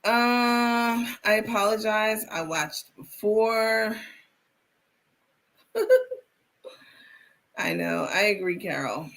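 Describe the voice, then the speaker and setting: A woman's voice: mid-range voice, extremely slow, pauses often, fairly bright tone. A woman hosting a live stream, chatting casually and reading viewer comments aloud with frequent restarts.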